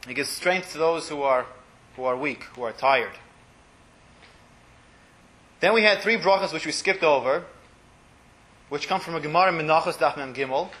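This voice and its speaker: A man teaching a religious class to a small group, translating blessings phrase by phrase and often letting his voice drop to a murmur. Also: on the high side. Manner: explanatory, translating Hebrew phrases line by line, often trails off quietly.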